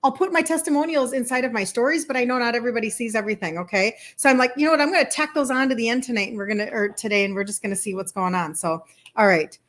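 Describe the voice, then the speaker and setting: A woman's voice: fairly high pitch, rapid-fire, a bit bright. Chatty Minnesota woman hosting a live stream. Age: 50s. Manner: chatty and enthusiastic, greets viewers, rambling asides. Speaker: health coach livestream host. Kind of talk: casual live-stream chat.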